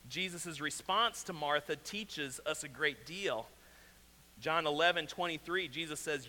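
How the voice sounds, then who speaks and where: A man with a Southwest Missouri accent preaching a sermon as pastor, earnest, often repeating a question and dropping to a quiet, pressing tone. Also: on the high side, unhurried. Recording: reverberant hall, faint hum.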